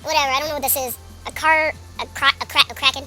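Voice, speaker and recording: A young reader with a high voice works through a badly written fan story aloud, stopping again and again to mock it with sarcastic, exasperated asides. Music plays clearly underneath the whole time. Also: steady tone, fast talker, pushed and bright. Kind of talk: mocking read-aloud with commentary. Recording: background music.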